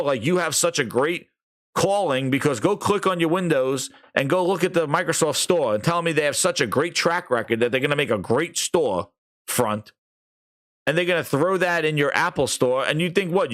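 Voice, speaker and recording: A man's voice: fairly high pitch, expressive, normal speed, a bit bright. A man hosting a gaming podcast, ranting sarcastically, swearing and acting out mocking quotes. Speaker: podcast host. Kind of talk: ranting commentary.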